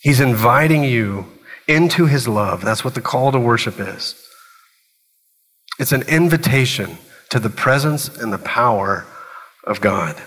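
A man preaching in a church with a bright, forceful voice, pressing his points in short repeated phrases. His words ring out with a long reverb that trails through the sanctuary. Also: medium pitch, animated, a little slow, slightly rough. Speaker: pastor. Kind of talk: sermon.

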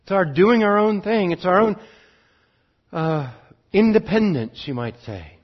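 A man preaching a sermon in an earnest way, switching between urgent bursts and quiet, drawn-out phrases. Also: high voice, dull audio.

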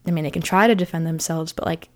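A woman giving a casual devotional talk and reading scripture aloud, often dropping into a soft, whispery, slowed delivery on key phrases. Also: low-pitched, steady tone. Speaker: devotional speaker.

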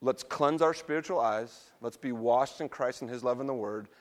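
A man's voice: mid-range voice, normal speed. Man preaching a conversational sermon. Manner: conversational storytelling, laughs at himself. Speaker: pastor.

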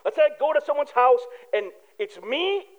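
A man's voice: extremely high pitch, very animated, normal speed, muffled recording. A man, a pastor, giving a conversational sermon full of everyday stories and asides to the congregation. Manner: casual storytelling with asides to the congregation.

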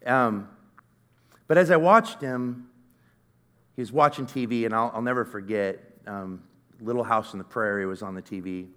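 A man's voice: on the low side, moderate pace, long pauses. Man telling an earnest sermon story. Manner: storytelling, conversational and earnest, swings from loud to hushed. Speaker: conference speaker.

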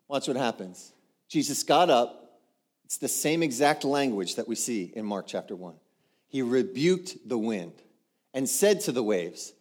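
A man's voice: mid-range voice, animated, normal speed, darkish tone. A man preaching a sermon, emphatic and punchy, often driving a point home through repetition. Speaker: pastor.

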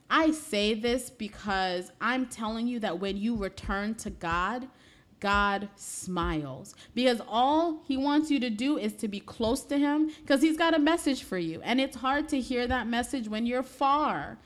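A woman speaking earnestly to her viewers in a conversational faith talk, often dropping soft and low when heartfelt. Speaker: Christian speaker.

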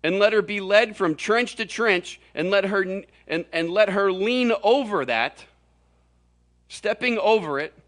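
A middle-aged man from Florida gives a comic sermon to a roomful of listeners. His voice sits a little high and rings bright and forceful, and he tells stories with lively, joking energy. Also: a little slow. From Florida, USA. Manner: animated, jokey storytelling with sudden exaggerated voices. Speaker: preacher. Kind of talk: humorous sermon. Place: large room with audience.

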